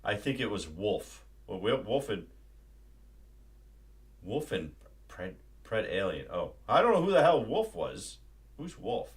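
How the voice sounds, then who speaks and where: A man's voice: on the low side, very animated, measured pace, long pauses. A man hosting a live stream, ranting casually and profanely about a movie. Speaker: livestream host.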